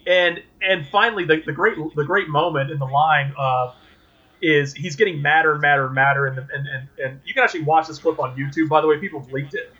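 A man co-hosts a casual film-review podcast, racing through a scene recap and acting out each line with animated energy. His voice is bright and a little tense, sitting slightly high for a man. The recording is dull and lo-fi. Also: a little fast, husky. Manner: animated retelling, acts out quotes, frequent restarts. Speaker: podcast co-host. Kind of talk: casual movie review chat.

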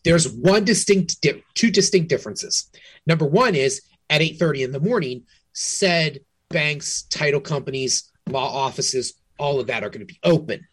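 A man's voice: a little high, expressive, normal speed, slightly rough, no room sound. A man co-hosting a real estate podcast, talking frankly and casually, often restarting his sentences. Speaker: realtor podcast co-host.

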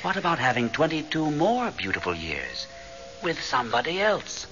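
A man's voice: fairly high pitch, very animated, moderate pace, over music. An actor playing a teasing, knowing ghost of a man in a 1970s radio drama, speaking dryly. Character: ghostly man, Paul's dead friend, sly. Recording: dull vintage radio broadcast, faint hiss.

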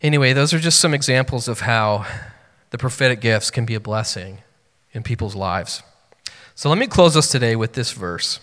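A man's voice: medium pitch, expressive, moderate pace, fairly bright tone. Guy in his 30s preaching, earnest and chatty, lots of "like" and "you know", echoey church sound. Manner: earnest, personal, conversational with filler words. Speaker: pastor. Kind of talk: sermon. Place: church sanctuary. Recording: long hall reverb.

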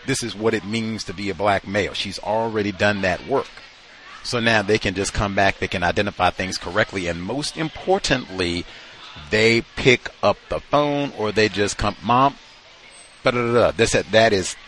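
A man's voice: lowish voice, a bit bright, slight background noise. A man hosting a radio talk show, giving emphatic commentary and now and then acting out the voices of people he quotes. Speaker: radio host.

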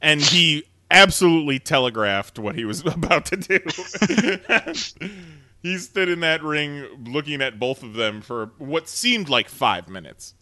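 Man, podcast host, casual chat, laughs often, animated pitch, dry close sound. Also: unhurried, no room sound. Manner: laughs often, chatty with fillers.

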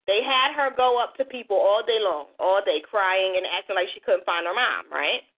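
A woman's voice: medium pitch, moderate pace. A woman in her forties hosting a talk radio show, talking bluntly with profanity and passionate storytelling. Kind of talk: casual talk radio chat. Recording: tinny phone-like sound.

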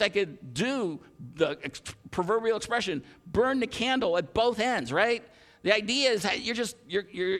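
A man in his fifties preaching a sermon, animated, with frequent restarts and self-deprecating humor. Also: sits high. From Ohio, USA. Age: 50s. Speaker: pastor. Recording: long hall reverb.

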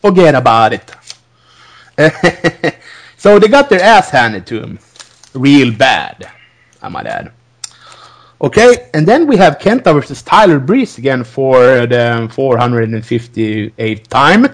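A man's voice: mid-range voice, sing-song, unhurried. A man hosting a podcast, recapping wrestling in a rambling, casual way, laughing often between restarts. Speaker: podcast host.

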